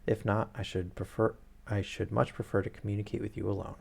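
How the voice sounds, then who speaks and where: A man's voice: on the low side, little pitch movement, brisk, vocal fry, husky, full character voice. A man reading aloud the grave, formal lines of a towering, proud masked nobleman in his own voice.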